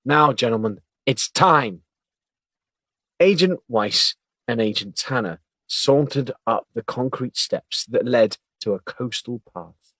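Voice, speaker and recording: A man narrates a comic audiobook with a wry touch. His pitch is mid-range but moves in lively contours through each sentence. The recording is close and dry. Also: measured pace, no room sound. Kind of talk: scripted storybook narration.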